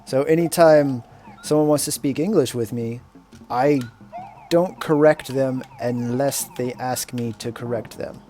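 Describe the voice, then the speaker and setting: A man streaming a game and chatting casually, telling stories in a rambling, unhurried way. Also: medium pitch, dark tone. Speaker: streamer and English teacher. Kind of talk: casual chat while playing a game. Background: faint video game music.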